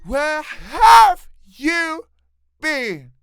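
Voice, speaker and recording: A man voicing a frantic middle-aged mother who shouts and scolds in a shrill voice. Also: sing-song, very slow, vocal fry, no echo, faint music behind, full character voice. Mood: scolding.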